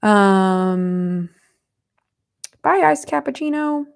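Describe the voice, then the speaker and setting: A woman's voice: medium pitch, animated, extremely slow, creaky. A young woman in her twenties hosting a casual livestream from home, chatting with viewers and reading their comments. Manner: chatty, giggly, coos softly at her cat. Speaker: livestream host.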